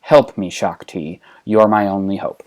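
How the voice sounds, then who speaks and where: A man's voice: low voice, steady tone, a little slow, darkish tone, voice pushed down. A man voicing a young princess who pleads solemnly for help in a recorded message. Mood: solemn pleading.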